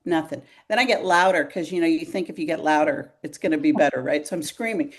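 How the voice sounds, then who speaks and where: An older woman comedian chatting in an interview, telling animated stories full of fillers. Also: lowish voice, brisk, few pauses. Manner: animated storyteller, many fillers. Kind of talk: casual interview chat.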